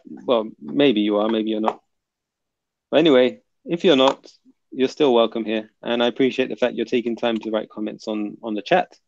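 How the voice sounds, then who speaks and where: A man with a gravelly, creaky voice hosts a live stream, reading viewer comments and joking around in slangy, relaxed chat. The sound is dull and lo-fi, recorded dry and close with no room echo. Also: mid-range voice. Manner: laid-back, joking, slangy.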